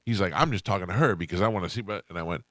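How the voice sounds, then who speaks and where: A radio host telling a story in casual chat, acting out the people in it. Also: male voice, sits low, rapid-fire, dry recording, studio quality. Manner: animated, acts out quoted voices.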